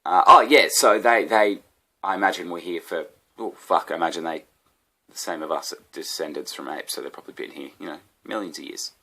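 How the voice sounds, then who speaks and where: A man's voice: deep voice, brisk, pushed and bright, husky. An Australian man, a comedian, telling a rambling, profane story with laughs at his own tangents. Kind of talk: casual comedic rant.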